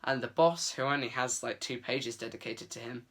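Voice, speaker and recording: Guy doing a chatty book review, earnest, lots of "you know", fairly bright sound. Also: mid-range voice, moderate pace. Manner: earnest, chatty, with frequent fillers and restarts. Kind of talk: casual book review vlog.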